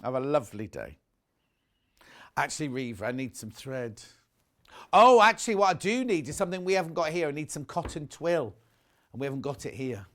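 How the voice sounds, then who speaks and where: Chatty shopping-channel presenter, lively. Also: male voice, a little high, a little fast, pauses often. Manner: chatty, gushing, self-correcting. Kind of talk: live TV sales pitch.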